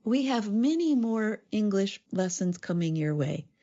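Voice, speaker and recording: Lady co-hosting an english lesson podcast, mellow warm voice, kinda dull sound. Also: mid-range voice, big pitch swings, unhurried. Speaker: co-host. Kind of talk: scripted educational podcast.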